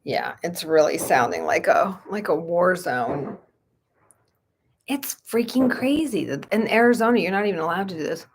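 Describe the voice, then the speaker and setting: Reiki lady chatting on a late night stream at home, raspy low voice, baby-talks her dogs. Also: animated, moderate pace, a little hiss or hum. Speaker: Reiki practitioner. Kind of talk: casual livestream chat.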